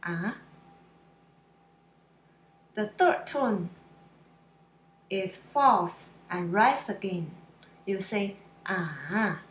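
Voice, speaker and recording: A woman teaching pronunciation in a slow lesson, drawing out syllables and explaining them simply. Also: mid-range voice, lively intonation, echoey room. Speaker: Mandarin teacher.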